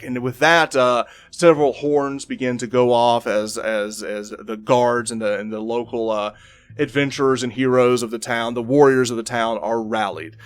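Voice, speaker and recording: Male game master, mid-pitched, loose rambling narration full of fillers. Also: steady tone, moderate pace, clear, resonant tone. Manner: rambling, many fillers and restarts.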